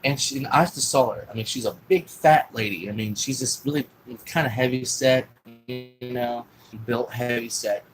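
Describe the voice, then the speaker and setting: A man's voice: medium pitch, a little hiss or hum, poor audio. A man telling a long personal story in a rambling, profane way, with lots of fillers and restarts.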